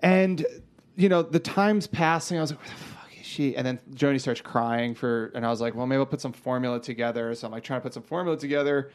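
A man's voice: medium pitch, fast, a little hiss or hum. A man in his thirties casually telling a story, acting out voices, swearing and using many fillers. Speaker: podcast guest telling a story. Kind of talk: casual chat.

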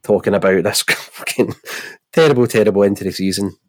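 Scottish man, nasal voice, deep-ish, casual rambling podcast chat, dry close sound. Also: brisk, no echo. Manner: jokey, rambling, laughs often. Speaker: podcast co-host.

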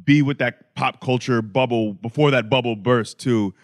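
Mid-pitched male co-host, reflective and talkative. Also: fairly even intonation, moderate pace. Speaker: podcast co-host. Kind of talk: casual chat.

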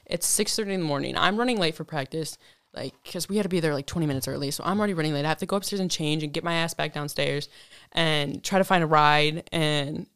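A woman's voice: deep voice, fast, few pauses, a bit bright, smooth, dry recording, studio quality. A young woman telling a college story in casual chat, swearing often and full of fillers. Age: young adult.

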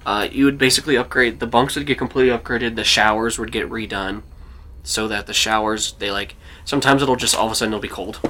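A young man running a tabletop game as game master, relaxed with lots of fillers and restarts. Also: on the low side, fast talker.

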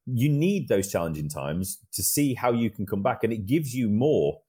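A man's voice: fairly low pitch, animated, moderate pace, warm tone, breathy edge. A man co-hosting a cricket podcast, reflecting in casual chat and drawing on his own playing experience. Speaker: podcast co-host.

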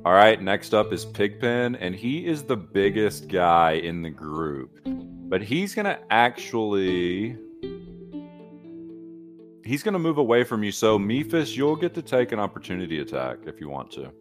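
A relaxed man runs a tabletop combat as game master, his pitch moving lively through each ruling. Clear background music plays under the session. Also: measured pace. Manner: laid-back, swears casually.

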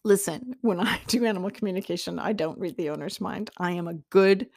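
A woman's voice: medium pitch, brisk, vocal fry, a little mellow, no room sound, studio quality. A woman hosting a podcast in a chatty, rambling monologue, laughing often and talking straight to the listener. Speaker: podcast host, psychic teacher. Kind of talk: casual monologue.

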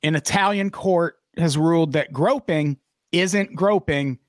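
A man's voice: a little high, a little slow, no room sound, clean studio sound. Profane, sarcastic male podcast host. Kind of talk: casual podcast banter.

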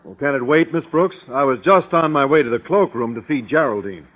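An actor playing a shy, earnest science teacher. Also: male voice, medium pitch, a little fast, close to an everyday voice. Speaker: biology teacher. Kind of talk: 1950s radio sitcom acting. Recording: tinny old radio broadcast.

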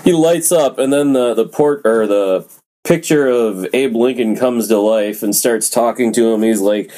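A man with an ordinary mid-range voice joins a relaxed movie recap. He chimes in with crude details and laughs often along the way. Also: medium pitch, moderate pace. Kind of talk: casual movie recap chat.

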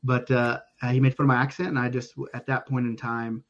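A man's voice: mid-range voice, level tone, fairly quick. Man from Oklahoma, rambling podcast guest, restarts, casual swearing, muffled lo-fi audio. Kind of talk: casual storytelling.

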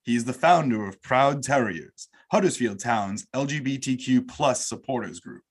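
A man's voice: medium pitch, lively intonation, normal speed, breathy edge. A man with a New York accent hosting a casual podcast interview, effusive and welcoming toward his guest. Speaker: podcast host.

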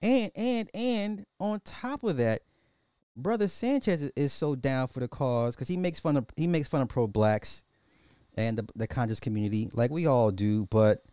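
Man, podcast commentary, dark mellow tone, dry close sound, mocking rhetorical questions. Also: medium pitch, normal speed, smooth, no room sound. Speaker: podcast host. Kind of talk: casual social commentary monologue.

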